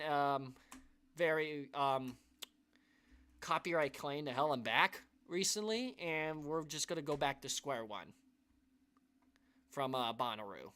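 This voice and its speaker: Unhurried and expressive, a man with a fairly high, sharp-toned voice hosts a YouTube live stream. His talk to viewers is earnest and emotional, wandering with restarts and sighs.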